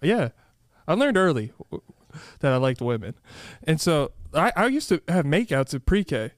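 A young man with a fairly high voice that swings up and down as he jokes and tells stories. He teases his co-host and laughs often in casual podcast chat. The sound is close and dry. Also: moderate pace, no echo. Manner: teasing, laughs often, lively storytelling.

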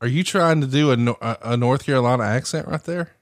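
A man's voice: medium pitch, fast, no echo, clean studio sound. A man from the American South hosting a podcast, teasing his co-host and laughing often in casual banter.

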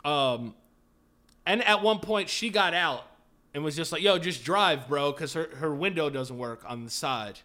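A man hosting a podcast, casually telling a profane, animated story and laughing at his own telling. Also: a little high, a little slow. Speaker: podcast host.

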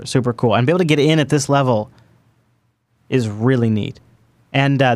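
A man hosting a tech podcast, talking with excited emphasis and quick asides. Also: mid-range voice, no echo. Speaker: podcast host. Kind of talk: enthusiastic tech podcast chat.

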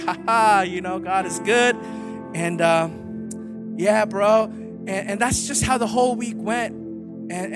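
A man giving a candid, humorous sermon testimony, telling his story with frequent filler words. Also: high-pitched. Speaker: preacher.

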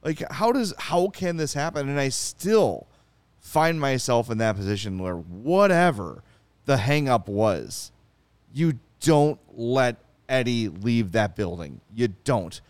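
Male talk-show host, smooth clear voice, exasperated animated rants. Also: mid-range voice, slow pace, no room sound. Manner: animated, exasperated ranting with asides. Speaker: podcast host. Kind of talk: casual sports talk show chat.

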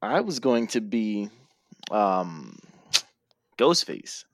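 A man's voice: lowish voice, sing-song, very slow, no echo, clean studio sound. A man co-hosting a casual wrestling recap podcast, playful and rambling, sounding tired and yawning. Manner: playful, jokey, rambling with fillers. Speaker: podcast co-host.

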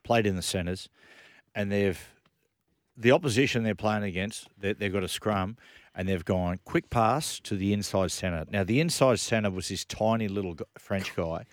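A man's voice: lowish voice, normal speed, no room sound. A man, hosting a casual sports chat on breakfast radio and telling rambling, self-mocking stories. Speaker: radio host.

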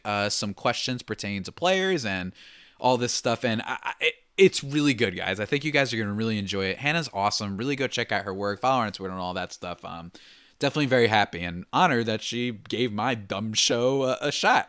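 A man's voice: medium pitch, expressive, fairly quick, fairly bright tone, dry recording, clean studio sound. A young man hosting a podcast, talking energetically and rambling with lots of fillers. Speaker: podcast host. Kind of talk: casual podcast chat.

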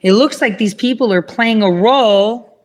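A woman ranting in casual chat, rambling and swearing, switching to a higher voice when she mimics other people. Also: moderate pace.

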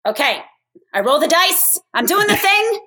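A woman's voice: very high voice, very animated, a little slow, bright, forceful tone. A woman player in a tabletop game, hamming up a self-important diva character.

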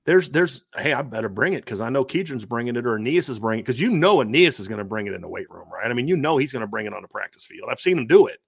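A man co-hosting a sports podcast, talking with his usual mid pitch. He pushes his points hard, restarts sentences and keeps asking rhetorical questions. His voice is close and dry, with no room sound. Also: very animated, rapid-fire, vocal fry, few pauses, breathy edge, no room sound. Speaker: podcast co-host, football analyst. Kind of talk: casual sports podcast chat.

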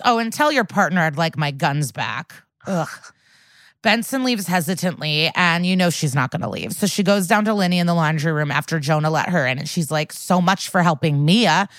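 A woman's voice: low voice, normal speed, a bit bright, no room sound. A woman co-hosting a podcast, recapping a TV episode in a casual, chatty way, swearing often and saying "like" a lot. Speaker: podcast co-host.

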